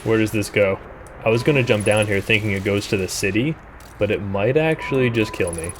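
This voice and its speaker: A man streaming a game live, thinking aloud and breaking into startled, high-pitched exclamations. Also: a little fast, slight background noise. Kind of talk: live gameplay commentary.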